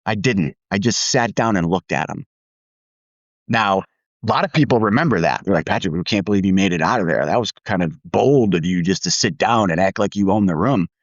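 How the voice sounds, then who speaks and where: A candid, self-deprecating man tells a workplace story in a low voice, laughing now and then as he goes. The sound is dull and dry, with a slightly lo-fi feel. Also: brisk, no room sound. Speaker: podcast co-host. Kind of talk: storytelling podcast chat.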